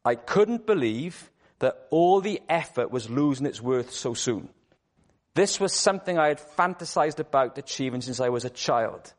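A man's voice: mid-range voice, lively intonation, normal speed. Earnest man preaching. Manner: earnest, with rhetorical questions and repetition. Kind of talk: sermon.

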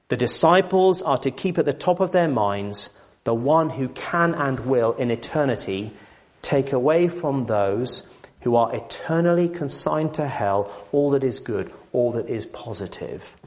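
A man's voice: mid-range voice, darkish tone. A man preaching an expository sermon, emphatic and full of rhetorical questions, building up and dropping back in volume.

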